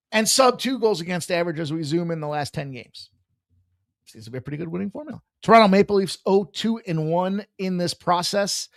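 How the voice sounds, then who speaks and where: A man hosting a live sports betting stream, brash, excitable and profane as he rattles off picks and jokes. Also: high voice, no room sound, clean studio sound. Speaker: sports betting show host. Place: room with a hockey banner on the wall.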